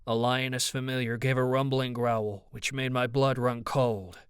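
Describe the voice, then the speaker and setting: A man narrating an audiobook in the first person, with a steady, even storytelling delivery. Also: mid-range voice, moderate pace, clear, resonant tone, dry recording, studio quality.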